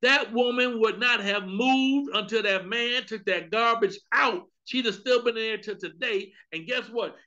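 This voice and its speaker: A man preaching a sermon at a Bible study, telling a comic story with lively outbursts. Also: high-pitched, muffled recording. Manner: animated, comedic storytelling with outbursts. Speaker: pastor.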